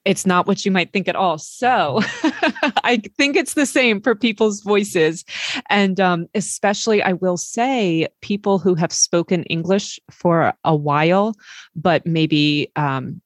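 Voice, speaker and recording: A woman's voice: lowish voice, measured pace, dry recording, clean studio sound. A woman podcast host, chatty and fond of telling stories, interviewing a guest remotely. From Maryland, United States. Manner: chatty, warm storyteller, many fillers. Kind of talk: casual interview chat.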